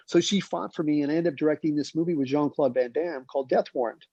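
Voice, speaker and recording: A man in his sixties tells rambling stories from his film career and acts out the lines of the people in them. His voice is gravelly and mellow. The recording is dry and dull, with no room sound. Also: on the high side, quick pace, no room sound. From United States. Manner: rambling, animated, acts out quoted dialogue. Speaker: film director and producer. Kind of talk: casual anecdotal storytelling.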